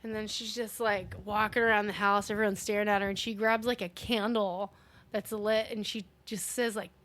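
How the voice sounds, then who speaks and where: A woman's voice: mid-range voice, little pitch movement, moderate pace, a bit bright. A woman co-hosting a casual movie review, rambling through a plot recap with lots of swearing and fillers. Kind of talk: casual chat recapping a film.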